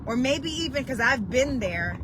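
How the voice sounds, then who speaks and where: A woman preaches in an impassioned, storytelling way, and her voice sits a little high. She pours raw emotion into her words. Steady background noise hums behind her, with vehicle sounds. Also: moderate pace. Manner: emotional, storytelling, builds to cries.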